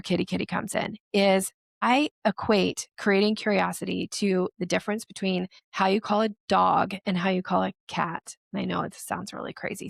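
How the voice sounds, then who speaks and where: Gravelly-voiced woman sales strategist. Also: mid-range voice, dry recording, studio quality. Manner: lively, acts out quoted voices. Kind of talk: podcast interview guest explaining.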